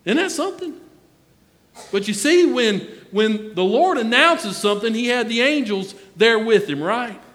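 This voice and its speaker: A man's voice: extremely high pitch, expressive, measured pace, fairly bright tone, in a large hall. A man preaching a sermon in a folksy way, calling out to members of the congregation by name.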